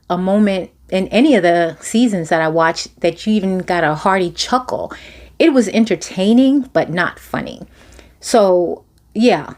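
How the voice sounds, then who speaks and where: A woman's voice: medium pitch, a little mellow. Sarcastic woman ranting about a show. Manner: sarcastic and incredulous. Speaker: podcast host. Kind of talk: casual episode recap rant. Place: home near a train line.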